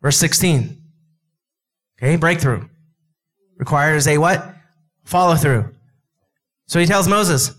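A male preacher with a voice pitched a little high tells a scripture story in a loose, conversational way. He acts out the voices of the people in it. Asides and quick laughs run through his talk. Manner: animated, acts out dialogue with God and Moses. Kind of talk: sermon.

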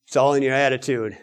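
A man preaching a sermon, animated, swinging between loud emphatic lines and hushed asides. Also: medium pitch, smooth.

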